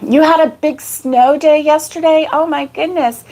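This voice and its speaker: A woman's voice: high voice, steady tone, a little slow, warm tone. A woman hosting a casual live crochet stream, out of breath, chatting and greeting viewers by name. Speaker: crochet channel host.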